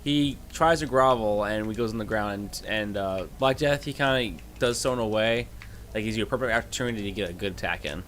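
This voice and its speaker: A man's voice: on the low side, brisk, a bit bright, slight background noise. A man narrating as game master of a livestreamed tabletop game, improvising loosely and correcting himself as he goes.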